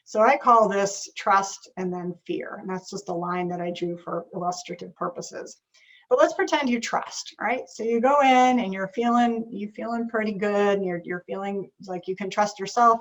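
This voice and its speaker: A woman's voice: mid-range voice, low-quality recording. A woman business coach giving a conversational talk on a video call, often checking in with "right?". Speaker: business strategist and leadership coach.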